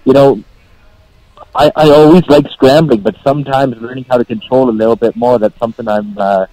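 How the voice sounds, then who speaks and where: A man's voice: mid-range voice, steady tone, brisk, warm tone, no room sound, low-quality recording. A man with a Canadian accent answering interview questions as a guest, laid-back and repeating words. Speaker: guest fighter.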